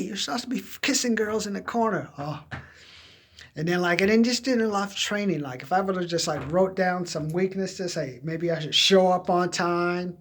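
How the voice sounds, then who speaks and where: Rambling high-voiced middle-aged man. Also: fairly bright tone. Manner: rambling, candid, drifting into quoted voices. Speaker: vlogger giving job-search advice. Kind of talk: casual personal storytelling.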